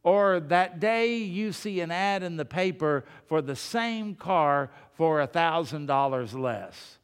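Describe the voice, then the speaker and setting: A man's voice: a little high, lively intonation, slow pace, clean tone, big-room sound. A man preaching a sermon in a conversational way, asking the congregation rhetorical questions and calling them folks. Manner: addresses the congregation directly as folks.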